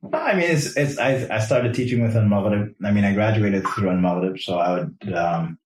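A man with a notably deep voice talks in a relaxed, explanatory way, often restarting his sentences. He is set back from the microphone. The room around him rings with echo. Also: moderate pace. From New York. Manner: easygoing, explanatory, trails off and restarts. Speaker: guest, religious teacher. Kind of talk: casual interview chat. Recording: roomy echo, distant mic.

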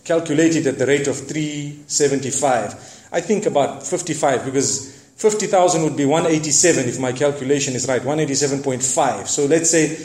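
A man preaching, retelling a story dramatically with lively asides and moral lessons. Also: a little high, brisk, reverberant. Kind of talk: sermon storytelling.

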